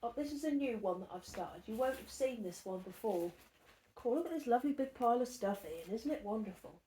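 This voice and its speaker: A woman's voice: a little high, animated, fairly quick, warm tone, slight background noise. A woman hosting a knitting podcast from her living room at home, in a chatty, rambling show-and-tell that often drops to a near whisper. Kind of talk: casual show-and-tell chat.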